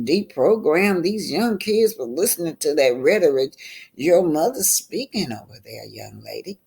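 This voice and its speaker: A woman's voice: deep voice, gravelly, darkish tone, slightly rough. A woman hosting a live stream, reading viewer comments aloud and firing back with indignant, mocking retorts.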